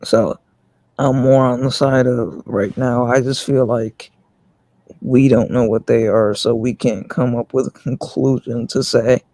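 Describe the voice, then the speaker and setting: A man in a casual podcast chat, giving a cautious, measured answer. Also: medium pitch, fairly even intonation, warm tone, no room sound.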